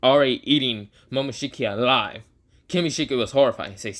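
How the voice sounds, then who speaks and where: A man's voice: mid-range voice, fairly quick, fairly bright tone. A young man casually retelling an imagined fan story, rambling with many fillers and self-corrections.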